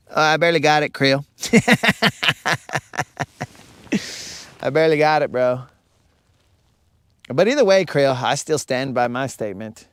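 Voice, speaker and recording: His voice is smooth and medium-pitched, with no room sound, as he streams live fishing from a boat on a lake. The man keeps things casual and joking, wandering in his talk while answering viewer messages.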